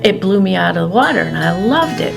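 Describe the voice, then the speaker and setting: A woman's voice: medium pitch, sing-song, a little fast, gravelly. A woman in her sixties reminiscing about her partner. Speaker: interviewee. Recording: music behind.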